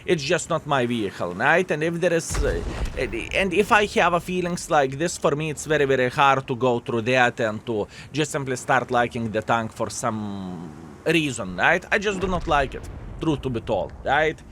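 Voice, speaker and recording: A man's voice: mid-range voice, expressive, moderate pace, fairly bright tone, slight background noise. A man giving live commentary over his own gameplay, chatty and frank, often turning to viewers with tag questions, his English phrasing plainly non-native.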